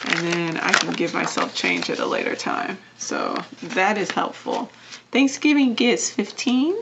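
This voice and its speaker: A young woman vlogger chatting casually as she counts cash into envelopes, often dropping to a soft murmur. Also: a little high, expressive, measured pace, creaky, muffled recording, background noise. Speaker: vlogger doing budgeting videos.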